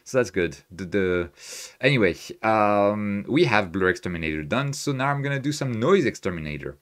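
A man with a deep voice and a hard-to-place accent talks casually through a live stream at his desk. He sounds excitable, laughs easily and often restarts his sentences. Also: normal speed. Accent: hard-to-place, non-native English. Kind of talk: casual live-stream commentary while editing.

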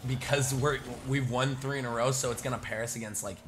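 A man chatting casually while playing an online match, calmly encouraging his teammate and calling out plays over a headset voice chat. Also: mid-range voice, noisy background. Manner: calm, encouraging, gives quick callouts to a teammate. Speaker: gamer and channel host.

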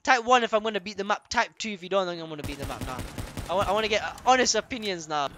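A young man giving loud, excitable gameplay commentary as a streamer, repeating phrases in bursts. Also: sits high, rapid-fire, a little hiss or hum. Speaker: gaming streamer.

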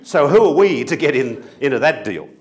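A middle-aged Australian man giving an earnest, gently self-mocking speech to an audience as a company chief executive. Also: medium pitch, sing-song, moderate pace. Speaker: company CEO speaker.

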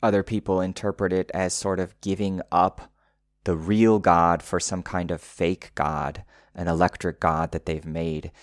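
Male English teacher, low voice, patient step-by-step explainer, dry studio sound. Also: level tone, unhurried, no room sound. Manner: patient, spells out word meanings step by step; drops into a soft whisper to demonstrate. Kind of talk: explaining song lyrics for learners.

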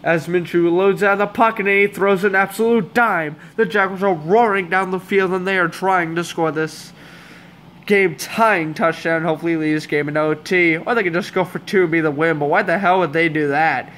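A young man calling a football game as a fan commentator, hoarse and under the weather, with sarcastic, exasperated asides. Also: sits high, fairly even intonation, normal speed, fairly bright tone, slight background noise. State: hoarse, voice giving out. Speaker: amateur play-by-play commentator.

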